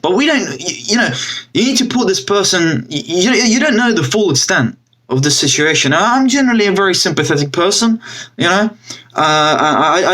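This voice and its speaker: A man rambling through casual commentary with many fillers and restarts, his pitch jumping up when something catches his interest. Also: fairly bright tone. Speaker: vlogger. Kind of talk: casual commentary with screen sharing.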